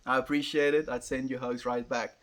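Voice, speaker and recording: A man's voice: medium pitch, level tone, brisk, noisy background. A young South African man, an Afrikaans speaker, chatting casually on a livestream and musing as he answers viewers.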